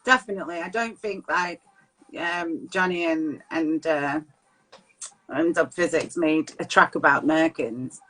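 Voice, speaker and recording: A woman's voice: sits low, measured pace, a bit bright, poor audio. A woman chatting casually on a live video call, giggly and rambling, often correcting herself. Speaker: vocalist and broadcaster, interview guest. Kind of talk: casual live-stream chat.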